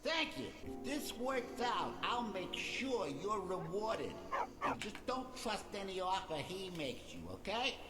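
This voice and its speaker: An actor playing a polite, eager talking dog in a video game. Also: male voice, sits high, big pitch swings, unhurried, over music. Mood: friendly.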